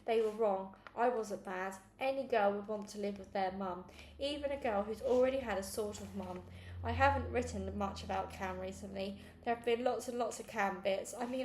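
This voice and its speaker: A woman reading a children's novel aloud in a lively way, acting out each character in turn. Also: mid-range voice, moderate pace. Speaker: storybook reader. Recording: roomy room with faint background noise.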